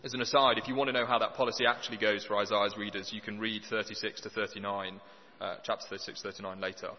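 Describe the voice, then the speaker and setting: A man's voice: on the low side, little pitch movement, fast. A man preaching a sermon, earnest and conversational with dry humour. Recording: dull lo-fi sound with long hall reverb.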